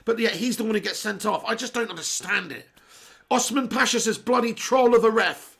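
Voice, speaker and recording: During a live watch-along of a football match, a high-pitched, bright young man rants briskly, his voice sore, strained, gravelly, and husky. He repeats the same gripe over and over in exasperation.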